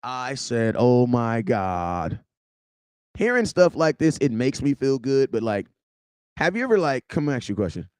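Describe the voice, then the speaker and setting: A man hosting a sports vlog, ranting casually in a slangy, joking, animated way. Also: medium pitch, fairly quick, no echo. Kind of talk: casual unscripted rant.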